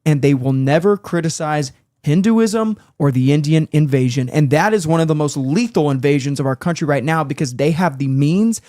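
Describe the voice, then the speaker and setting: A man's voice: a little high, normal speed, dark tone, dry recording, clean studio sound. Emphatic man giving a speech. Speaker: political speaker. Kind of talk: public speech.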